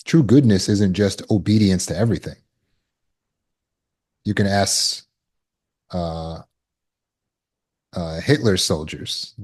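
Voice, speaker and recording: Low-voiced man teaching trauma recovery. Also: a little mellow, breathy edge. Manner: conversational, acts out quick quoted exchanges. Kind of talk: teaching talk.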